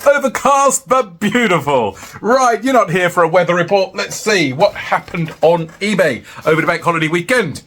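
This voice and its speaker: A man talks casually to his viewers in a jokey, upbeat vlog. His voice sits on the higher side for a man, and he keeps coming back to the viewers as "guys". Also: normal speed, hardly any pauses. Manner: chirpy, jokey, keeps saying "guys", swings high when excited. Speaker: reseller vlogger. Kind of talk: casual chatty vlog to camera.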